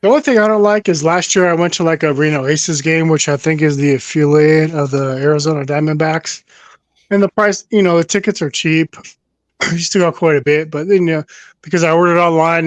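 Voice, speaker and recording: A man's voice: fairly high pitch, no room sound. A man chatting casually, rambling through his anecdotes and laughing at himself. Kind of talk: casual chat.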